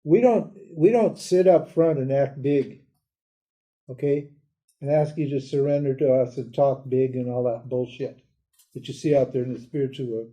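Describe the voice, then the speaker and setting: An older man giving a live lecture on a spiritual text in a casual, animated way, laughing often and mimicking other people. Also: medium pitch, normal speed. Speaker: Vedanta teacher.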